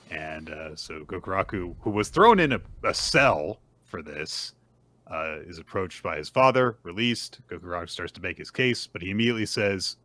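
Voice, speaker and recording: Acting out the dialogue as he goes, a man co-hosting a podcast recaps a manga chapter in a chatty, storytelling way. His low voice is pushed and bright with lively intonation and a moderate pace, on a dry recording.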